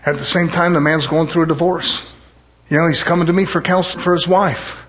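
A man preaching a sermon in a fervent cadence, punctuating it with amens and hallelujahs, slowing down low on scripture lines. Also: steady tone, a bit bright, a little hiss or hum.

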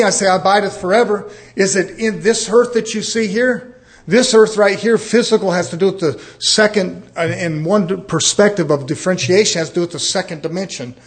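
Animated preacher in his fifties, high voice. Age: 50s. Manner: animated preaching, rhetorical questions, calls of amen. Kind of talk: sermon.

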